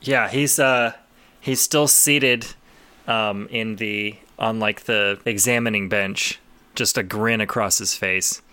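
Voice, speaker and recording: A man's voice: lowish voice, fairly even intonation, takes it slowly, pushed and bright, smooth, dry recording. A man running a tabletop role-playing game as game master, easygoing and a little hesitant.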